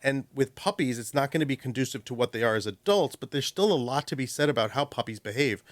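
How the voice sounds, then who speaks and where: A man who trains dogs, giving lively advice on a radio call-in show, often acting out owners and dogs in quick little voices. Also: medium pitch, no room sound. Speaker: dog trainer guest. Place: radio studio. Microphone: studio microphone.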